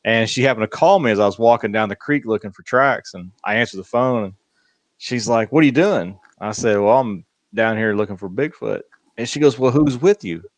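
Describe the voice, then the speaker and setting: A man's voice: on the low side, a little fast, no room sound. A middle-aged man hosting a casual podcast, telling joking stories in an easygoing way. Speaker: podcast host.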